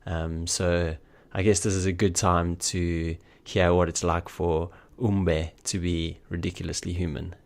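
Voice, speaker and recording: A man's voice: sits low, flat delivery, unhurried, vocal fry, darkish tone. A man co-hosting a podcast in casual chat, friendly and leaning on fillers like "uh" and "I guess.". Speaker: podcast co-host.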